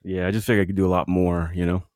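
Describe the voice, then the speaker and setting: A man's voice: low voice, little pitch movement, racing, darkish tone, smooth, no echo, clean studio sound. A man co-hosting a casual podcast, talking in a laid-back, rambling way. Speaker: co-host.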